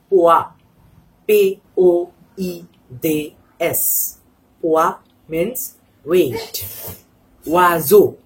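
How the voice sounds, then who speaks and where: A woman teaching French in English, spelling out words letter by letter in a slow, deliberate manner. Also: lowish voice, darkish tone, slightly rough, rough recording. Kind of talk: language lesson.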